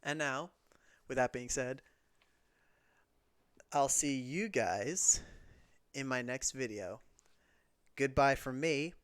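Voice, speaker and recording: A man with a clear, resonant voice and a dry, close sound, speaking at an everyday pitch. He is the dungeon master of a tabletop game, thanking his players and passing the turn to each of them. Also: takes it slowly, long pauses, a bit bright, no echo. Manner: upbeat, thanking players and calling on them one by one. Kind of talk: casual sign-off of a tabletop game stream.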